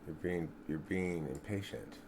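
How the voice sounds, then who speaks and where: A man's voice: low-pitched, fairly even intonation, noisy background. A man hosting his own channel, talking in a rambling solo vlog with meandering asides to himself. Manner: slow, meandering talk with self-directed asides. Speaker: channel host.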